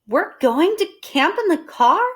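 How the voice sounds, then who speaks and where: A woman's voice: very high voice, big pitch swings, measured pace, voice pushed up, heavily acted. A woman voicing an eager, literal-minded young housekeeper in a storybook reading, asking earnest, puzzled questions.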